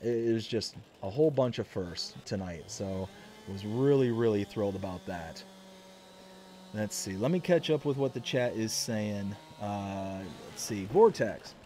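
A young man hosting a live stream, excitedly telling a family story and reading chat, with many fillers and restarts. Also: lowish voice, a little slow, a little hiss or hum. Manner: reads chat messages aloud.

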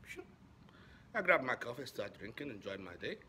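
Animated Saudi man telling a story. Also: normal speed, a little hiss or hum. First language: Arabic. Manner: animated, voice jumps high when excited. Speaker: vlogger. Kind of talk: casual storytelling monologue.

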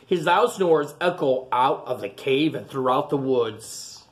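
Man for a kids' storytime read-aloud: unhurried, very animated, with playful animal voices. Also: medium pitch. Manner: animated, breaks into many funny animal voices. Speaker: children's storytime reader. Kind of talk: reading a picture book aloud to children.

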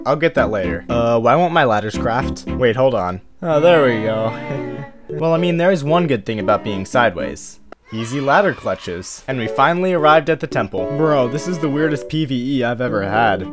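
A man giving jokey, excitable commentary on a video game as a YouTuber. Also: mid-range voice. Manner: jokey, fast-switching, excitable. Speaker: gaming YouTuber. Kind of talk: comedic gaming commentary. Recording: background music.

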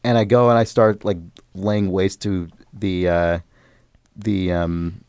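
A man's voice: low voice, flat delivery, slow pace, a little mellow, clean tone, dry recording, studio quality. A man on a podcast, telling a long, rambling story about a video game in casual chat, often swearing and getting worked up. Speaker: podcast host.

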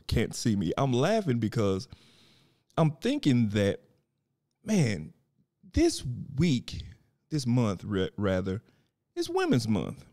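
A man hosting a casual podcast, animated and rambling, laughing as he talks. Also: on the low side. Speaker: podcast host.

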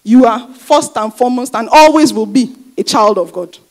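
A woman's voice: on the high side, normal speed. A woman pastor preaching a sermon, repeating her key phrases for emphasis and asking the congregation rhetorical questions.

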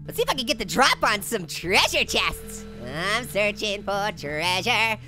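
A man voicing a hyper, wisecracking male talking orange, giggly and squeaky, making puns and teasing while playing a video game. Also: measured pace, soft background music, full character voice. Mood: playful. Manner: excitable, teasing, bursts into shouts. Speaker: gaming channel host character. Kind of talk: let's play commentary.

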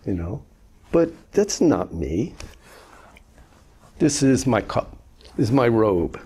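A man in his seventies, a Zen master giving an informal, gently humorous dharma talk in a conversational storytelling manner. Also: medium pitch, big pitch swings, slow pace, breathy edge. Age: 70s.

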